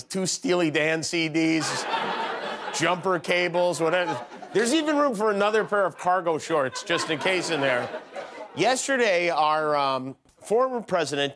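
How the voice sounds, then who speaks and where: A man's voice: a little high, fairly bright tone. A middle-aged man hosting a late-night show, delivering a comedy monologue with wry jokes and chuckling through the punchlines. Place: television studio with live audience.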